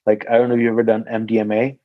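A man with a somewhat breathy, husky voice tells a long personal story in loose podcast chat. He rambles, fills his speech with "like" and swears casually. The sound is dry and slightly muffled. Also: fairly low pitch, completely flat delivery, very fast, no echo. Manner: rambling, heavy use of "like", swears freely. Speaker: guest telling a personal story.

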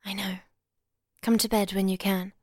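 A cool, evasive young woman, as a woman reading a novel voices her speaks briskly and often drops to a whisper. Her tone stays level and practical. The recording is close and dry. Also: medium pitch, flat delivery, darkish tone, no echo, close to an everyday voice. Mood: soothing.

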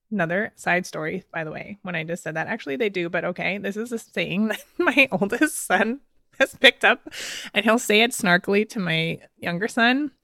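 A woman's voice: mid-range voice, normal speed, gravelly, pushed and bright, no echo, studio quality. A woman in her thirties, a podcast host, telling a personal story in a casual, chatty way with frequent laughs and fillers. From United States.

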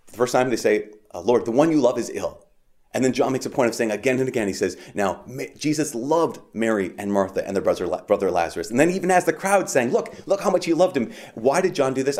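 A medium-pitched man preaches a homily at Mass in a conversational style, often saying "like" and restarting his sentences. His voice rises for emphasis and drops softly on key lines.

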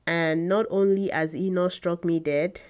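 Woman, podcast host, low voice, unhurried, earnest, repeats for emphasis. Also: fairly even intonation, darkish tone, clean tone. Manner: earnest and slow, with emphatic repetition. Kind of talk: faith podcast monologue.

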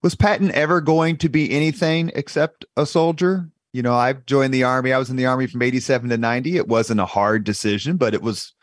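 A man's voice: medium pitch, no room sound, clean studio sound. A man in his fifties hosting a podcast interview, asking questions and adding personal asides. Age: 50s. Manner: conversational questioner who adds personal asides. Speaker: podcast host.

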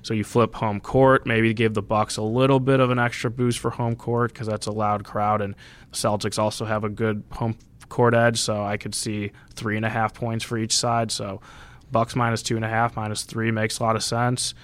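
Man, co-host, low voice, flat delivery, measured and slightly hesitant, casual betting talk. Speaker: podcast co-host. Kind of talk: casual sports betting chat.

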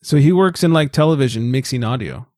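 A man's voice: mid-range voice, animated, fast, a little mellow, no room sound, clean studio sound. A man hosting a podcast in casual chat, laid-back and joking, swearing casually. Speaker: podcast host.

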